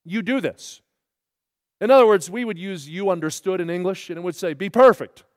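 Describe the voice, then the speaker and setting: A man's voice: high-pitched, fairly quick, dry recording, studio quality. Folksy, emphatic male preacher. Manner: folksy, animated storytelling with emphatic rises. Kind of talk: sermon.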